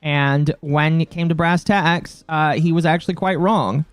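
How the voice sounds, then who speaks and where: A man's voice: on the high side, measured pace, no room sound. A man co-hosting a live stream, giving blunt opinions and swearing casually. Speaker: streamer co-host.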